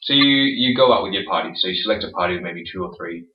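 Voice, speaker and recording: An Australian man co-hosting a podcast, talking rapidly and rambling with lots of fillers. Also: deep voice, lively intonation, slight background noise. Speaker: podcast co-host. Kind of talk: casual chat. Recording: roomy, distant, dull lo-fi.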